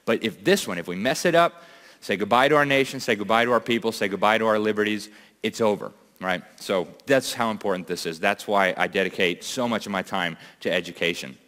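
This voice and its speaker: A man's voice: fairly low pitch, fairly quick, fairly bright tone, in a large hall. A man giving an impassioned speech to a live audience, urgent and emphatic, firing off rhetorical questions. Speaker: conference speaker. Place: large event hall.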